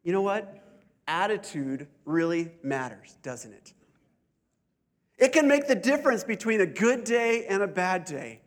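A male pastor preaching a sermon at a church service, deliberate and slowing down to stress key points. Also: high voice. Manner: deliberate, slows down for emphasis.

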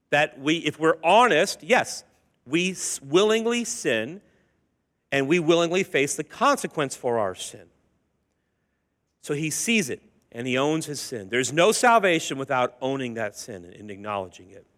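Man, pastor, church sermon, high voice, conversational, acts out quotes. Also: lively intonation, normal speed, fairly bright tone.

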